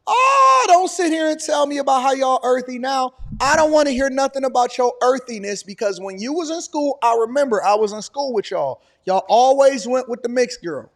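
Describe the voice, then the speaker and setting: Man in his 40s, high-pitched streamer host, animated and preachy. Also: brisk, creaky, few pauses. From Detroit, Michigan. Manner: animated, preachy, hammering repetition. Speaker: political commentary host. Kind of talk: live-stream reaction commentary.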